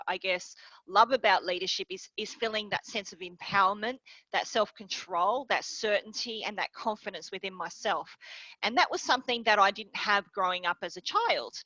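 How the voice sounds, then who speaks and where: An Australian woman, a guest and leadership coach, telling her story in an earnest, measured way over a video call. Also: medium pitch, bright, forceful tone, no room sound, highs cut off. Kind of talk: interview.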